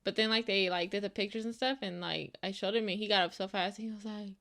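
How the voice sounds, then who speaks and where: A woman co-hosting a reaction channel, chatting casually and trailing off in a soft, musing way. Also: mid-range voice, steady tone, fast, creaky. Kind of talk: casual chat.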